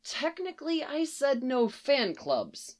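A woman's voice: fairly high pitch, sing-song, normal speed, a bit bright, voice pushed up. Woman reading as a whiny flustered young guy, pleading, for a read-aloud story.

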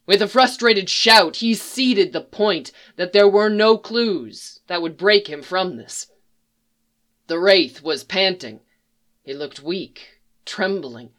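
A reader narrating a dark fan fiction story in a measured, solemn way. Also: mid-range voice.

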